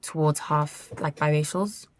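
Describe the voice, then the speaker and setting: A woman's voice: low voice, measured pace, a little hiss or hum. A woman speaking thoughtfully in a casual podcast conversation. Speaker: podcast guest.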